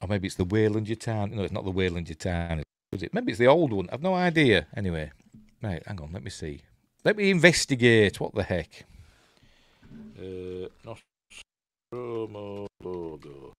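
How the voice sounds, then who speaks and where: A man's voice: low-pitched, animated, normal speed, no room sound. A man with a Yorkshire accent giving a rambling, chatty running commentary as he watches a film, chuckling at his own asides. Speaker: host of a film watch-along channel.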